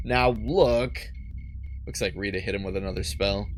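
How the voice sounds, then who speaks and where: A man's voice: mid-range voice, a little slow, a little hiss or hum. A man casually commenting on a fantasy video game, joking and reading its dialogue aloud. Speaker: let's play host.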